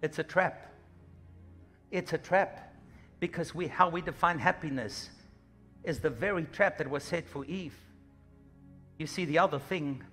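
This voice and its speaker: A man preaching a sermon, animated and humorous, acting out little scenes as he goes. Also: fairly high pitch. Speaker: pastor.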